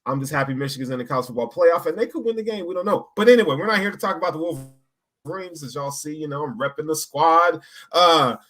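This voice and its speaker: A man hosting a casual sports podcast, joking loudly and giving shout-outs to viewers. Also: fairly high pitch, fast. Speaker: podcast host.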